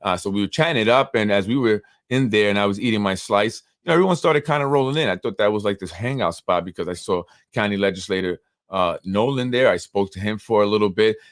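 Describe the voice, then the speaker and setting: Rambling low-voiced New York man. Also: fast, no room sound, clean studio sound. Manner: rambling storytelling, many fillers. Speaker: host of a local politics show. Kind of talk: casual live-stream commentary.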